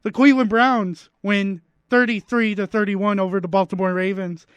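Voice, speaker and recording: A man's voice: high-pitched, fairly even intonation, moderate pace, clear, resonant tone, no room sound. A man co-hosting a radio sports show, casually explaining game facts at length. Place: radio studio.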